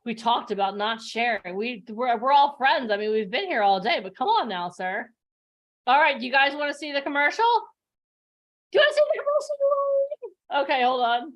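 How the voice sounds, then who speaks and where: This is the host of an acting and modeling bootcamp, a woman giving motivational coaching online in an emphatic, passionate style. She talks fairly quickly in a fairly high voice, and the recording is muffled.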